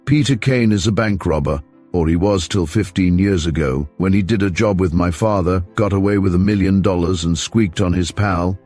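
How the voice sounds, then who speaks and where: A man's voice: sits low, normal speed, a little mellow, faint music behind. Man voicing a sneering, cruel young swindler. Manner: sneering, rough. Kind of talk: audiobook character voice.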